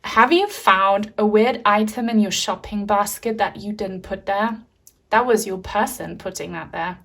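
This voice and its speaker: A young adult woman giving a gentle, emotional pick-a-card tarot reading, with soft laughs and many fillers. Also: mid-range voice, unhurried, gravelly. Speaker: tarot reader.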